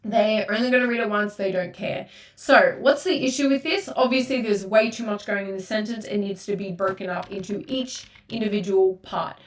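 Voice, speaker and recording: A woman with an Australian accent giving a casual exam-prep lesson, chatty and full of fillers. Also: medium pitch. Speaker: tutor. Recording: echoey room, far from mic.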